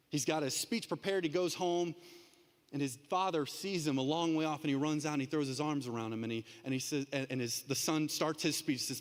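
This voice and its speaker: A young man preaching a casual, animated sermon as a youth pastor, full of slang. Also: on the high side, a little fast, long reverb tail.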